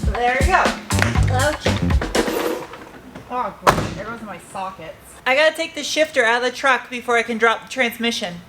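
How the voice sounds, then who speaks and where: A woman's voice: on the high side, lively intonation, normal speed, over loud music. A young adult woman casually narrating her truck restoration in a garage, joking and talking to herself as she works. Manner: chatty, joking, talks to herself while working. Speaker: car restoration vlogger.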